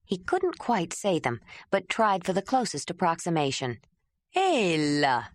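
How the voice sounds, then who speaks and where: A woman narrating an audiobook in a measured, even tone. Her voice sits on the low side and sounds dry and close to the mic. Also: no room sound. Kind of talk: scripted narration.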